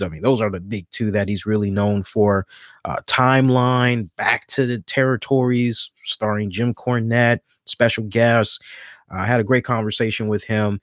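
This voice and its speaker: A man's voice: mid-range voice, no room sound. Chatty male podcast host, dry sound. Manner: chatty, repeats and stammers, grows animated listing options. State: hiccuping after beer. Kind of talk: casual wrestling news talk.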